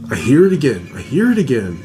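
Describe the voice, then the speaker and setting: A man's voice: mid-range voice, wildly swooping pitch, fast talker, music in the background, poor audio. A man voicing a frightened young girl who anxiously tells her mother she hears crying again. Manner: anxious, insistent repetition.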